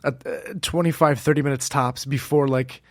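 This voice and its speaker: A man guests on a podcast as a music producer, chatting casually and rambling through his thoughts with constant fillers and restarts. His mid-range voice has fairly even intonation and a moderate pace, sounding dry and close with almost no room around it and no echo.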